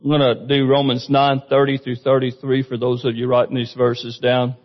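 A man's voice: medium pitch, completely flat delivery, normal speed. A man preaching a sermon in a conversational way, often asking the congregation questions. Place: church sanctuary. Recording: muffled recording with long hall reverb.

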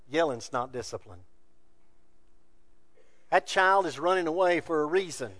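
A man preaching a sermon from scripture, building to loud emphatic peaks and dropping to quiet asides. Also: mid-range voice, normal speed, long pauses, dry recording. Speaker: pastor.

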